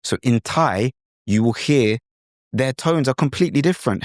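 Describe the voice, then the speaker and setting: A man's voice: mid-range voice, lively intonation, normal speed, no room sound, clean studio sound. A British man hosting a podcast, earnestly explaining and demonstrating how to pick up accents. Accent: British English. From England. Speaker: podcast host. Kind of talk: accent coaching talk.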